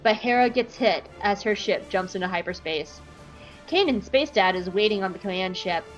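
A woman's voice: mid-range voice, animated, moderate pace, faint music behind. A woman co-hosting a podcast, recapping an episode in casual, enthusiastic chat with plenty of "like" fillers. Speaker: podcast co-host.

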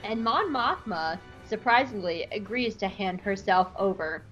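A woman co-hosting a podcast, giving an animated, jokey recap in casual chat. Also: medium pitch, a little slow, lo-fi sound, soft background music. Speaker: podcast co-host.

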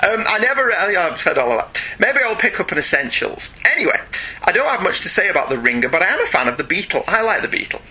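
A man's voice: high voice, very animated, quick pace, bright, forceful tone, husky. A man, co-hosting a casual podcast chat, reading listener emails and joking about them. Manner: chatty, self-deprecating, laughs often. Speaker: podcast co-host.

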